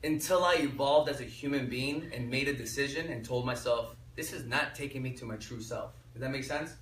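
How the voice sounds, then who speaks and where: A man with a bright, slightly high voice coaches a live audience, pausing to let them finish his sentences. The mic sits some way off, so his voice carries a roomy echo over faint background noise. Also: far from the mic. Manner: energetic, quizzes the audience with fill-in questions. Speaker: workshop speaker. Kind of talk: motivational workshop talk. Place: echoey workshop room.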